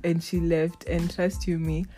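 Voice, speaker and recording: A young woman chats in a casual, animated way and acts out the people she quotes. Her voice sits slightly low. Faint music plays behind her. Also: a little slow. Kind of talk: casual storytelling chat.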